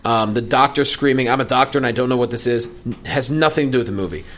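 A man, a filmmaker guest, chatting casually, blunt and animated, telling stories with quoted lines. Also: medium pitch, quick pace. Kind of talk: casual chat.

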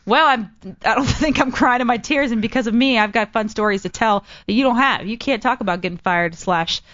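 A woman in casual chat, an entertainer telling a story and acting out the quotes with lively energy. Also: a little high, a little fast, no room sound, dull audio.

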